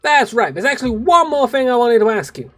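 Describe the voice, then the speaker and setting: A streamer voicing an earnest young woman naval officer from a game, high and eager. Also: sing-song, fairly quick, a bit bright. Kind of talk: reading game dialogue aloud on a livestream.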